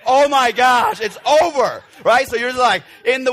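Man in his forties, animated sermon, bright forceful tone, dry close sound. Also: very high-pitched, moderate pace, few pauses, no echo. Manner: animated, acts out scenes with shouts. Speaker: pastor.

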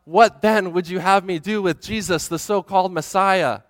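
A man's voice: fairly high pitch, animated, measured pace, fairly bright tone, no room sound, clean studio sound, long reverb tail. A man voicing a desperate Roman governor pleading. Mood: crying out. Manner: urgent, pleading questions.

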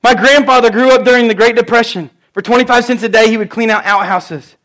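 A man with a notably high voice preaches to his church congregation. He talks earnestly and conversationally, drifting into personal stories as he makes his points. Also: fairly even intonation, fast, a bit bright. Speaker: pastor. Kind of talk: sermon.

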